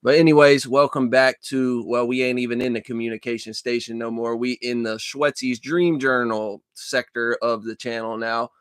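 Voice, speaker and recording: A man hosting a casual dream-journal vlog from a dark room at his computer, talking into a desk microphone in a rambling, profane way with lots of fillers and restarts. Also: medium pitch, fairly even intonation, normal speed, hardly any pauses, clean tone, no echo, studio quality. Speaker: channel host.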